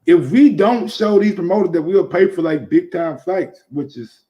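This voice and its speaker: A man's voice: high-pitched, moderate pace, warm tone, dull audio. A man hosting a casual boxing talk show, talking loosely with many restarts and profanity. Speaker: show host.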